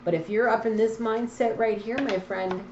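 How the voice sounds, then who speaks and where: A woman's voice: a little high, steady tone, moderate pace, darkish tone, a little hiss or hum. A woman giving a casual intuitive card reading, blunt and preachy with a teasing edge. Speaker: tarot card reader. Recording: echoey, slightly dull room sound.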